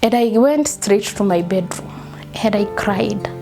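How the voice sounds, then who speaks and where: A young woman with a Kenyan accent telling a personal story in halting speech, slipping into Swahili phrases and repeating herself. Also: medium pitch, lively intonation, music in the background. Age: young adult. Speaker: interviewee. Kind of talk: personal testimony.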